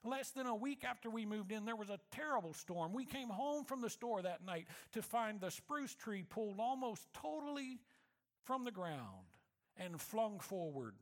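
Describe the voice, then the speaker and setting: A man speaking to his church, telling a personal story in a reflective manner that slows and softens for emphasis. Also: high-pitched. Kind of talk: storytelling sermon.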